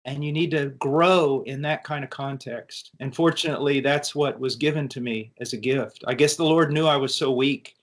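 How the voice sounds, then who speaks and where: A middle-aged American man giving an earnest, animated personal testimony in conversation, with frequent restarts. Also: medium pitch, normal speed, few pauses. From United States. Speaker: interview guest.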